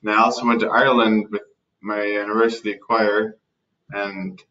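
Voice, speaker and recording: A young man answering interview questions, halting and restarting mid-sentence. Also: fairly low pitch, level tone, bright, forceful tone. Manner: halting, with restarts and broken-off words. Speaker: interview guest. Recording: distant, dull lo-fi recording.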